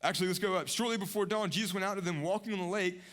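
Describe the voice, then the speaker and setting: A young adult man preaching a sermon earnestly, repeating phrases, rising to emphatic peaks and dropping to hushed lows. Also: fairly even intonation, racing. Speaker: pastor.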